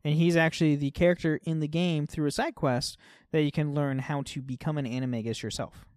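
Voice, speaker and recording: This man's voice runs on the high side with a steady tone, moving a little fast. Co-hosting a podcast, he chats casually about a game, filling gaps with "like" and trailing off softly. The tone is clean, with no echo and studio quality.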